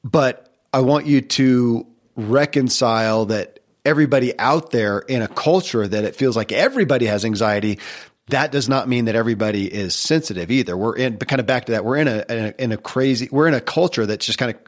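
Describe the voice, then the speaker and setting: A man's voice: medium pitch, a little fast. A man hosting a podcast interview, speaking earnestly and often repeating words as he starts his thoughts. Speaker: podcast host. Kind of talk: casual interview chat.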